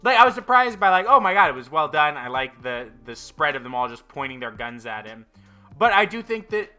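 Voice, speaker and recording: A man's voice: on the high side, big pitch swings, fairly quick, sharp tone, soft background music. A young man casually reviewing manga chapters, swearing a lot and talking with frequent fillers and an exasperated edge. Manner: profane, exasperated, lots of fillers.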